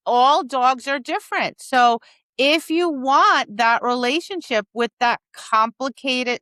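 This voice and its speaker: A woman dog trainer co-hosting a podcast, talking in an animated casual chat, often asking "right?" and acting out quoted lines. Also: high voice, no echo, clean studio sound. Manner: frequent "right?" and "like".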